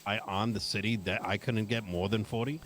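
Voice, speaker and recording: Low-voiced man, blunt and profane. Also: fairly even intonation, fairly quick, a bit bright, slight background noise. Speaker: roleplay character in a city life game. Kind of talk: heated in-character argument.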